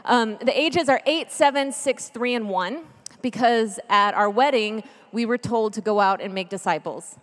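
At a church gathering, a woman in her thirties preaches through a story, her voice a little high for a woman and her speed normal. What begins lively, chatty and joking becomes earnest and hushed. The sound carries the long reverb of a large hall.

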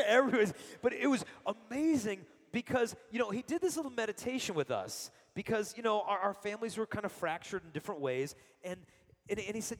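A middle-aged man with a high voice speaks a little fast, trailing a long reverb tail. He's delivering a Catholic talk, a sermon packed with personal stories, animatedly acting out every quote he relates.

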